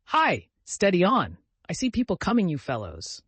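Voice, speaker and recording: A flustered middle-aged clergyman calling out warnings at the top of a thin, high voice, as a male narrator plays him. Each cry leaps up and cracks with alarm. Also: wildly swooping pitch, unhurried, slightly rough, no room sound, full character voice. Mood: alarmed shouting. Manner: shouting, exclaiming, high-pitched.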